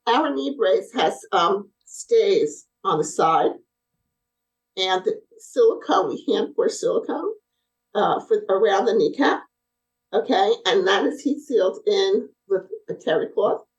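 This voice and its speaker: Appearing on a podcast, a middle-aged woman who runs a brace company spins one anecdote after another in an animated, conversational way, acting out the lines of the people in her stories. Her middle-pitched voice swings widely up and down, she talks a little slowly, and the recording is rough.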